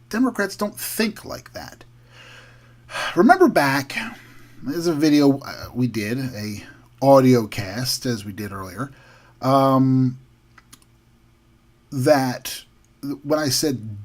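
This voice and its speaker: A man's voice: fairly high pitch, animated, a little slow. A man hosting a heated, combative political commentary monologue. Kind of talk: opinionated podcast monologue.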